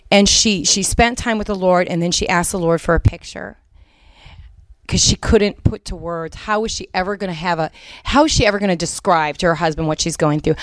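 Middle-aged woman Christian speaker, earnest and chatty, smooth dry voice. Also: lowish voice, no echo. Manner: earnest, conversational, many fillers. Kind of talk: Christian teaching talk.

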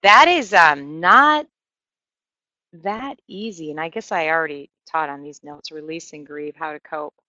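Bright-voiced woman preaching conversationally. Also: low-pitched, unhurried, dry recording, muffled recording. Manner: earnest, conversational, self-deprecating asides. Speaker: speaker teaching a church group. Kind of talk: sermon.

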